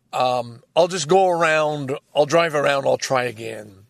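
A man's voice: mid-range voice, moderate pace, gravelly, few pauses, no echo, studio quality. An older man telling a rambling, exasperated story in a casual monologue, swearing freely. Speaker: vlogger.

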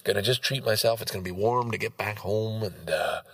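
A man's voice: fairly low pitch, a little fast, gravelly, fairly bright tone, slightly rough, dry recording. A man hosting a solo podcast, rambling bluntly and swearing freely as he drifts from topic to topic. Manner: profane, blunt, digressive. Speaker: podcast host.

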